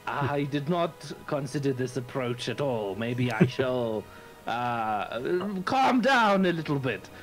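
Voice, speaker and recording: A clumsy male adventurer in heavy armor, as a man puts him on, speaking in slow, stiffly formal phrases. His lines come out unhurried. Clear music plays behind the voice. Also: medium pitch, lively intonation, poor audio. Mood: sheepish.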